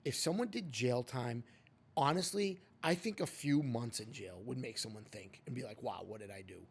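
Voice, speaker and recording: A man's voice: mid-range voice, expressive, moderate pace, husky. A man hosting a podcast, talking casually and emphatically, often calling his co-host by name.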